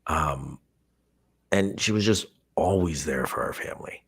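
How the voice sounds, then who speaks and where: A man guest on a live chat, speaking in a reflective, halting way with pauses. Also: a bass voice, lively intonation, vocal fry, husky. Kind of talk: casual chat.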